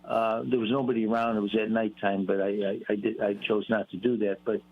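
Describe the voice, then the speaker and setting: Man, radio caller, halting casual talk, dull lo-fi line. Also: on the low side, little pitch movement. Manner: hesitant, many fillers and restarts. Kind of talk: casual phone-in chat. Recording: dull phone-line sound.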